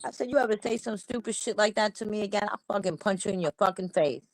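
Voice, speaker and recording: A woman's voice: medium pitch, fast talker, dry recording, rough recording. A woman hosting a livestream, ranting angrily and bluntly with heavy swearing. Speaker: livestream host. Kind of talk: heated commentary rant.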